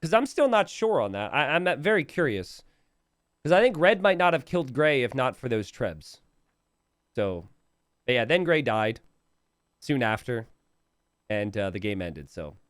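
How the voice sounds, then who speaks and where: A man's voice: medium pitch, normal speed, pauses often, clear, resonant tone, no echo, clean studio sound. A man casually chatting on a stream as a game caster, laughing often and teasing his viewers. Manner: giggly, animated, laughs often mid-sentence; chatty, teasing, self-correcting. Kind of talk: casual stream chat reacting to viewer memes.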